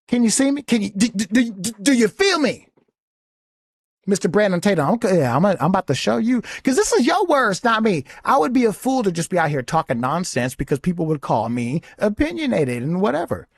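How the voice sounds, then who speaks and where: A man's voice: sits high, vocal fry, no echo, studio quality. Heated, taunting male podcast host. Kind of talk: combative commentary monologue.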